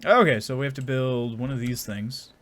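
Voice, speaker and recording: A man's voice: medium pitch, normal speed, a bit bright. A young man rambling and joking crudely while commenting on his game. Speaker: gaming streamer. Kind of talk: casual let's-play commentary.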